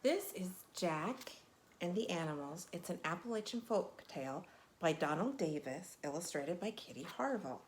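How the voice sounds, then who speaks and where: A woman reading a picture book aloud in an expressive, animated way. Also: lowish voice, moderate pace, a little hiss or hum. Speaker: storyteller.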